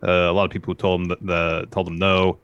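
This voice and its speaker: A man's voice: low-pitched, flat delivery, quick pace, fairly bright tone, clear, resonant tone, no room sound, highs cut off. A man co-hosting a podcast, walking through a wrestling recap in casual chat. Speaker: podcast co-host.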